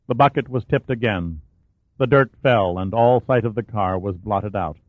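A man's voice: on the low side, moderate pace, no room sound. Man narrating a thriller, tinny phone-like line. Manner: steady, dramatic storytelling. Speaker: audiobook narrator. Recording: dry, tinny phone-like sound.

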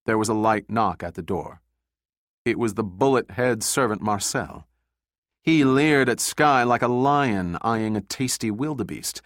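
Man, audiobook narration, steady measured reading, lowish voice, dry close recording. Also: no room sound. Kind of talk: scripted narration.

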